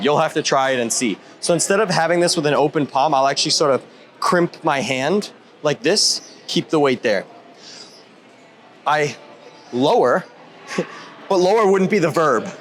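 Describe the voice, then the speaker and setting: A man in his thirties giving a casual workout tutorial in a gym. He rambles and jokes, with goofy asides and self-interruptions. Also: a little high. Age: 30s. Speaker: fitness YouTuber.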